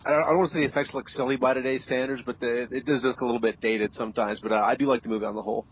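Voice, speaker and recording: A man hosting a casual online group chat, his words tumbling out quickly. He rambles and restarts his sentences, laughing easily. The call audio is dull and lo-fi with a faint hiss underneath. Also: medium pitch. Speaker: podcast host.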